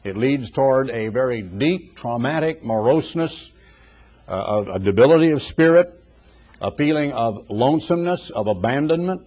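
Older male preacher, husky voice, earnest sermon delivery with repeated emphatic phrasing. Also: medium pitch, expressive, moderate pace, darkish tone.

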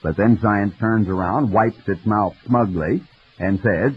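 A man preaching a radio sermon in a folksy, storytelling manner, with a husky voice. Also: on the low side, a little slow. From United States. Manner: folksy storytelling, mimics voices in quoted dialogue. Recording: dull lo-fi radio broadcast.

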